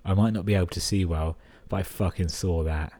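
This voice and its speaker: A young English man hosts a podcast, reading listener emails a little fast in a low-pitched, mellow voice with a steady tone. He breaks in with sarcastic commentary peppered with swearing.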